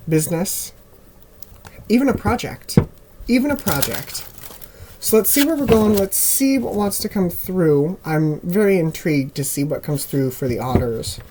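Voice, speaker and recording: Speaking casually to camera, this tarot reader drifts through his reading with plenty of ums, his slightly high voice a bit hoarse and fading. The home recording comes from a camera mic and carries background noise, including birds chirping.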